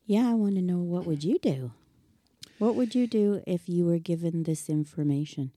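A woman's voice: fairly low pitch, lively intonation, normal speed, warm tone, no room sound, clean studio sound. A woman co-hosting a casual talk show, upbeat and chatty as she reads out listener emails. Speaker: co-host.

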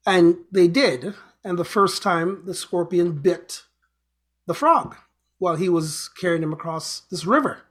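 A man hosting an inspirational show gives an earnest motivational talk, urging his listeners again and again and telling a fable. His voice is high and a bit bright, and he keeps a measured pace.

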